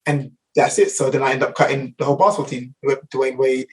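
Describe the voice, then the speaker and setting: Heard far from the mic on poor audio, this London-accented man from England speaks at medium pitch with an even tone. Middle-aged, he appears as a barber on a relaxed interview, rattling off stories fast with plenty of fillers and false starts.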